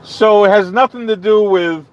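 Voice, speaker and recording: A man's voice: high-pitched, moderate pace, dull audio, slight background noise. Rambling man telling a story on stream. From not from the American South. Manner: rambling, animated storyteller acting out his own quotes. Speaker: live stream host. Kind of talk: casual storytelling to live chat.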